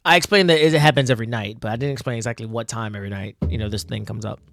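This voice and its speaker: A man's voice: medium pitch, rapid-fire, creaky, a bit bright, a little hiss or hum. A man casually commenting on his own old comic, self-mocking and full of fillers. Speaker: comic artist and channel host.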